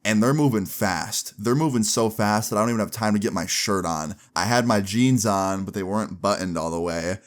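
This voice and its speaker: A man's voice: fairly low pitch, a little fast, hardly any pauses. Young man telling a story casually. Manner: casual, slangy, lively storytelling. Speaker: vlogger. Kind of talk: storytime vlog.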